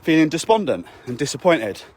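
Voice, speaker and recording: A man's voice: a little high, big pitch swings, brisk, darkish tone, slight background noise. A man, a fitness coach, giving a blunt, sweary motivational talk to his camera while out walking, often asking "okay?". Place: outdoors on a walk.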